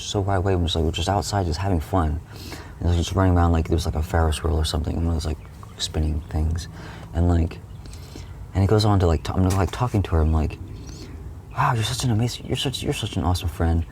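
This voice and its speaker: Gravelly low-voiced man rambling. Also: background noise. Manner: rambling, heavy use of "like", frequent swearing and restarts. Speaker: streamer. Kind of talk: casual rambling dream recounting.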